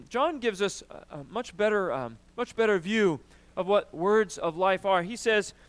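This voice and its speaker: Male pastor delivering a sermon; higher pitched and resonant, emphatic and conversational. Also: a little slow. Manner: animated, emphatic preaching with frequent "right?" and throat clearing.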